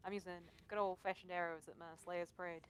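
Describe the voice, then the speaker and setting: A woman's voice: fairly low pitch, little pitch movement, fast talker, a little hiss or hum. A woman playing in a tabletop game over voice chat, cheeky and swearing playfully. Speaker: player.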